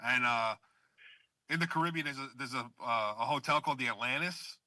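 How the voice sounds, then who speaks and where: A man's voice: mid-range voice, brisk, pushed and bright, no room sound. A man in his late thirties telling self-deprecating stories in casual podcast chat, swearing casually. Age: 30s.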